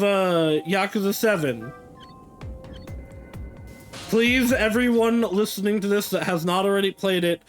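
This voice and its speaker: A streamer giving playful, joking commentary during a live game playthrough. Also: mid-range voice.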